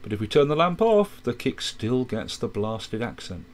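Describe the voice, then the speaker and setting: A man calmly walking through a music software tutorial, explaining step by step with quick asides. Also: mid-range voice. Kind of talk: screen-recorded software tutorial.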